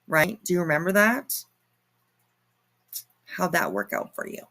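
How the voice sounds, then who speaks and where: A woman with a fairly low voice talks slowly and unhurriedly, hosting her own reaction channel. She mocks the people in the clips with heavy sarcasm and swears without holding back. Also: very animated, creaky, fairly bright tone. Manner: sarcastic, mocking, swears freely. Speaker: commentary channel host. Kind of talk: casual reaction commentary.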